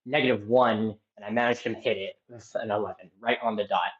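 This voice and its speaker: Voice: mid-range voice, steady tone, fairly quick. A player narrating their character's actions in a tabletop game, rambling with many likes and restarts. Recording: slightly muffled audio.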